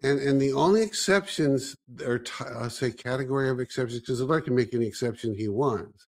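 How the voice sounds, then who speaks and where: Earnest man thinking out loud. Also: medium pitch, fairly quick. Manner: earnest, thinking aloud with restarts. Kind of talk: casual conversation.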